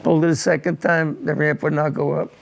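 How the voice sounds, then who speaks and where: Gravelly high-voiced old man. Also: level tone. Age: older. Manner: halting, repeats words, grave. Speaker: war veteran interviewee. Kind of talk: recounting a personal war memory in an interview.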